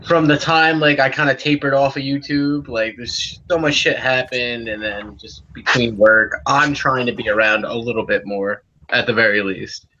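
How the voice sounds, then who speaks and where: Guy with a sharp bright voice cracking crude jokes, muffled call audio. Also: mid-range voice, steady tone, normal speed, hardly any pauses, a little hiss or hum. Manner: joking, crude, loud outbursts. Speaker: channel creator. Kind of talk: casual chat.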